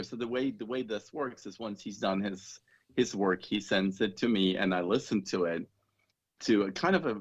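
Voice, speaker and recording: A man's voice: fairly low pitch, highs cut off. A man being interviewed as an author, talking in a chatty, rambling way with laughs. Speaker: author, guest. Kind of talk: casual interview chat.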